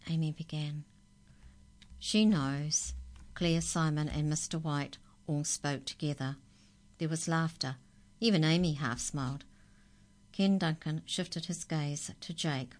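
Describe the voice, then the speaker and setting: A woman calmly reading a children's story aloud. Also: deep voice, unhurried.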